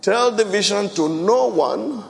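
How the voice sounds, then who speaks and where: A high-voiced preacher delivers his sermon, weaving scripture readings into lively commentary and short sung lines. His voice rings through a reverberant church hall. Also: slow pace, vocal fry. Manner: preaching with Bible reading, asides and bursts of song. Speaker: pastor. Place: church worship service.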